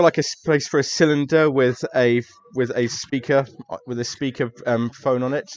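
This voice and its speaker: A man runs a tabletop horror game, narrating in a relaxed, chatty way. The sound is a little dull and lo-fi. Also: mid-range voice. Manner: relaxed, chatty narration with frequent ums and laughs. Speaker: game master.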